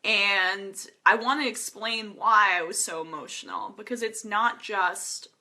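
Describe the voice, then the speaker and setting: A woman's voice: mid-range voice, lively intonation, a little slow, sharp tone. A young woman hosting a casual political live stream, talking earnestly and emotionally with many fillers and nervous laughs. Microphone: webcam or phone.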